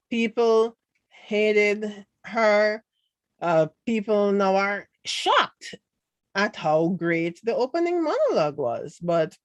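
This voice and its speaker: Jamaican lady vlogging, slow easy talk, sarcastic, dry close sound. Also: mid-range voice, no echo. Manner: chatty, sarcastic, laughs often. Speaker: commentary vlogger reading comments. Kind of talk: casual chat.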